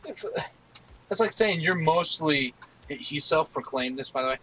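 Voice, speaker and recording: A man's voice: fairly high pitch, a little slow, a little hiss or hum, poor audio. A man in his twenties chatting casually and teasing his co-host while streaming a game. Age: 20s. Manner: joking, teasing, animated banter.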